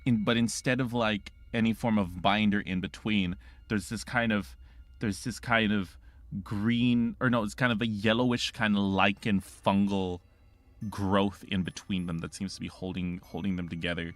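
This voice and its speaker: Low-voiced, rambling male game master. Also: fairly even intonation, no room sound. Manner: rambling, halting, lots of fillers and restarts. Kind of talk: narrating a tabletop game.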